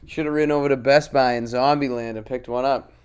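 A man's voice: mid-range voice, fairly even intonation, fairly quick, smooth. A man co-hosting a podcast in crude, casual banter, laughing often and swearing freely while telling stories. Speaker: podcast co-host.

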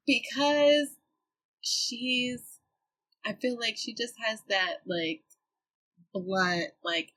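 A woman's voice: a little high, very slow, pauses often, fairly bright tone, low-quality recording. A young woman guest, a musician, chatting in a laid-back, slangy way and laughing often. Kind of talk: casual chat.

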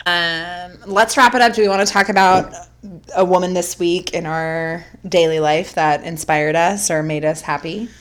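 Bright, animated woman podcast host. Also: on the low side, normal speed. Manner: animated, swearing, storytelling. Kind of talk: casual podcast chat.

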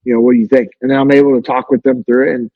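Man, thirties, relaxed storyteller, a bit husky, dull lo-fi sound. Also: mid-range voice, rapid-fire, no echo. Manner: laid-back, many fillers. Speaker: guest, former navy special operator. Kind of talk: casual storytelling.

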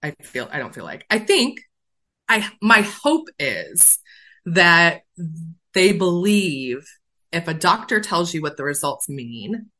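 A woman with a bright, forceful voice that sits a little low for her, telling her own story on a podcast. She is animated and self-mocking and keeps the tone conversational. Her delivery swings fast between worry and laughter. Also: poor audio. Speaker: podcast co-host. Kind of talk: casual chat, personal storytelling.

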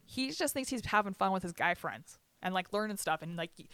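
A young woman co-hosting a podcast, venting bluntly with lots of swearing and telling animated stories between laughs. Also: medium pitch, brisk, few pauses, no echo. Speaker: podcast co-host. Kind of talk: casual chat.

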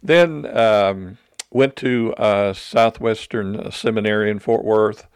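A man's voice: fairly low pitch, slow pace, clear, resonant tone, no room sound. An older man, a minister guest, telling stories in a reflective, self-deprecating way. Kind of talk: casual interview storytelling.

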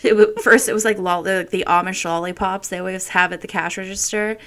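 A woman's voice: medium pitch, steady tone, brisk, a bit bright. A middle-aged woman telling rambling, frank family stories in a casual chat. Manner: rambling storyteller, frank and laughing.

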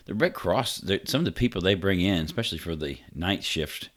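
Very low-voiced man telling a rambling story. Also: expressive, fairly quick, a bit bright. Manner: rambling, laughing, with colorful slang and profanity. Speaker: podcast co-host. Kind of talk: casual storytelling chat.

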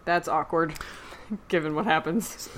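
A woman's voice: low voice, a little slow. A young woman co-hosting a podcast in casual chat, teasing dryly and laughing easily. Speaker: podcast co-host.

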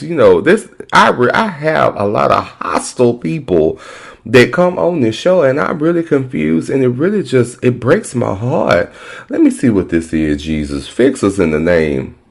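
A man's voice: medium pitch, creaky. A man hosting a podcast in a casual, sassy, playful way. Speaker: podcast host.

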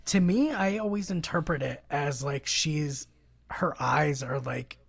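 A woman casually recapping a film plot in conversation, relaxed, with many fillers. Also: deep voice, a little slow, vocal fry, breathy edge.

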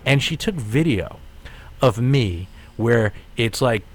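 A man in his forties telling a long story in casual podcast chat, with restarts and animated asides. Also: mid-range voice, slow. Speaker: podcast host.

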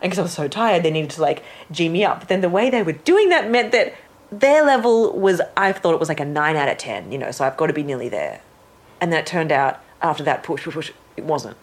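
A woman's voice: low voice, a little fast. A woman, chatting animatedly and acting out what others said. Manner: animated storyteller, acts out quotes loudly. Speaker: guest telling her birth story. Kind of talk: casual interview chat.

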